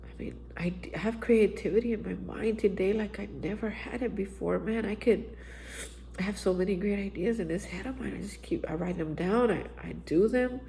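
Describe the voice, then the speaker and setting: An earnest woman from Texas tells a personal recovery story as a channel host, voicing her own past lines as she goes. Her pitch sits in an ordinary middle range. A faint hum of ambience lies under her voice. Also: normal speed, vocal fry, dark tone, poor audio. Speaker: host of a daily reflection channel.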